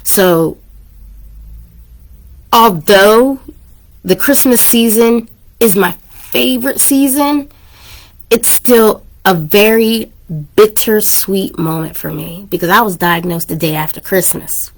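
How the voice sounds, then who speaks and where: A woman in her thirties talks straight to her listeners in an earnest, heartfelt way. Her voice sits at a middle pitch and turns emotional and teary in places, with bits of laughter mixed in. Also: slow, creaky, long pauses. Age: 30s. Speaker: podcast host. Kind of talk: casual personal talk to listeners.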